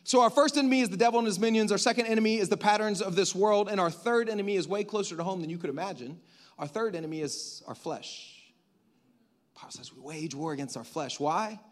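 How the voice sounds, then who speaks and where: A man's voice: high voice, fast. A man preaching a sermon in a conversational way, joking with the congregation and asking it questions.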